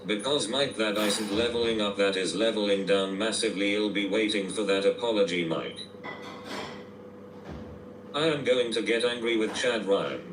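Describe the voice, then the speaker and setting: Robot-ish guy voice reading chat, flat and mechanical, echoey and noisy. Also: fairly low pitch. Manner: flat, mechanical delivery, reads out emoji names. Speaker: text-to-speech chat reader. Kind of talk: synthetic reading of viewer messages. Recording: roomy, distant and noisy playback.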